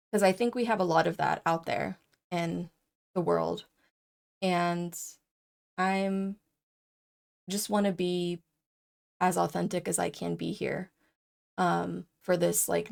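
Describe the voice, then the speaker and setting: Gravelly-voiced woman rambling in a vlog. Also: fairly low pitch. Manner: rambling, filler-heavy, openly emotional. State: tearful, crying. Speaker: vlogger. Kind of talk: unedited personal vlog talk.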